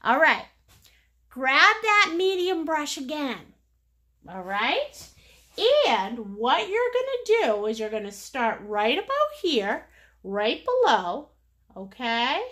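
High, bubbly silly painting teacher woman. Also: big pitch swings, slow pace, bright, forceful tone. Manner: silly, joking, encouraging; chatty, endearing pet names. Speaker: painting instructor. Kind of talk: live painting lesson.

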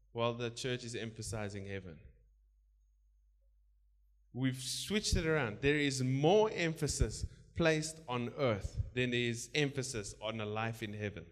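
A man preaching a sermon, moving from quiet asides to loud calls, laughing between points and praying in tongues. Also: medium pitch. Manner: animated preaching, swinging between soft asides and loud exhortation.

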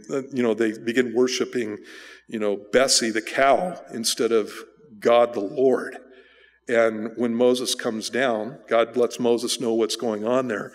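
A man, a pastor, giving a casual, conversational sermon full of restarts and asides. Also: mid-range voice. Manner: casual, rambling with restarts and fillers. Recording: church hall with long reverb.

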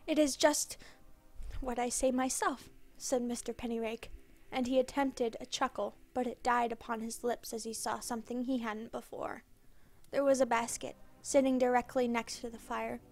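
Woman storyteller, scripted narration, measured dramatic reading, fairly high voice. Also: level tone, a little mellow.

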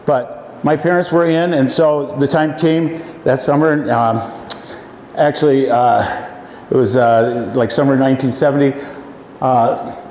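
A man in his seventies, from Iowa, telling folksy personal stories to an audience, often pausing with "uh.". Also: mid-range voice, a little mellow. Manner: folksy, halting with many fillers. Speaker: speaker. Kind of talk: storytelling talk to an audience. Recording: echoey hall, faint room noise.

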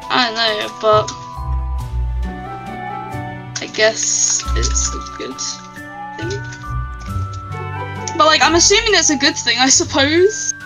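A woman's voice: high-pitched, sing-song, a little slow, pauses often, music in the background, poor audio. A woman live-streaming a game, chatting casually and giggling as she reads out her chat.

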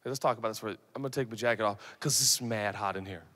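A man in his thirties preaching to a youth conference, swinging from shouts to quiet asides. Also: on the low side, very fast, slight background noise. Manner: animated, shifts from loud shouts to soft asides, acts out quoted voices. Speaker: pastor. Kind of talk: sermon. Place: large conference hall. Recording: long hall reverb.

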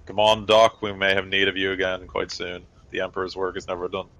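A man's voice: low-pitched, monotone, brisk, a bit bright, poor audio. Man doing a grumbling soldier.

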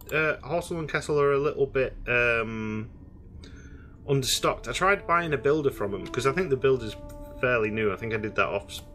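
Chatty gamer, bright voice. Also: male voice, mid-range voice, a little hiss or hum. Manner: rambling, hesitant, chatty. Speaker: gaming streamer. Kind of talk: casual let's-play commentary.

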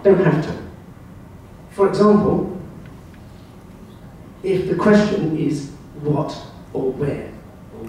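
A man's voice: on the high side, warm tone, distant mic, a little hiss or hum. Older Englishman giving a wry talk in an echoey hall. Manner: anecdotal, wry storytelling. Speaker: club speaker. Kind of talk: presentation talk with slides. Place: club meeting room. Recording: very echoey room, voice heard from afar.

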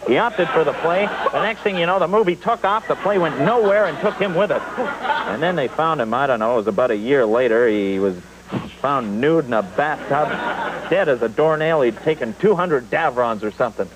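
A man's voice: on the high side, lively intonation, normal speed, background noise, natural voice. An actor playing a blunt, rambling male show business advisor who hosts a talk show in a sketch comedy, talking in a gloomy, insulting way. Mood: lecturing. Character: blunt tactless middle-aged male showbiz advisor.

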